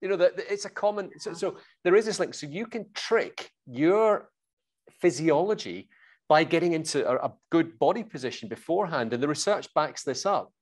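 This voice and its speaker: A man with a fairly high, light voice talks with confident energy. He coaches through vivid everyday examples in a relaxed interview. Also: normal speed. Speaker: sales coach guest. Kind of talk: conversational interview, coaching advice.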